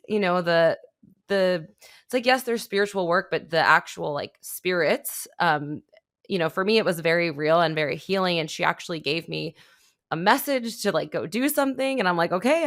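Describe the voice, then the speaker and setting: A woman's voice: on the low side, dry recording. Young woman hosting a podcast, dry sound. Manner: animated storytelling, with laughs and acted-out quotes. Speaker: podcast host. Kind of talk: conversational interview.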